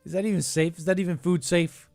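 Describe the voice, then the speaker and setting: A man's voice: high-pitched, fairly even intonation, fast, vocal fry, a little mellow, dry recording, soft background music. A man hosting a call-in podcast, reacting to a clip in a sarcastic, rambling way, thinking aloud. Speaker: podcast host reacting to clips. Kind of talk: casual reaction commentary.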